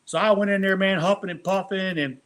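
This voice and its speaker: This is a man with a notably high speaking voice, spinning an army tale on a podcast. He tells it with animated, salty energy, dropping "man" and a curse here and there as he goes. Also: brisk. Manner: animated, profane, peppers speech with "man". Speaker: retired army first sergeant guest. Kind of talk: casual storytelling on a podcast.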